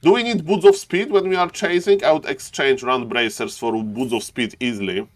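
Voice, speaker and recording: A man casting a live strategy game match on his stream, talking fast to chat and jumping into high-pitched shouts when big plays happen. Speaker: esports caster and streamer.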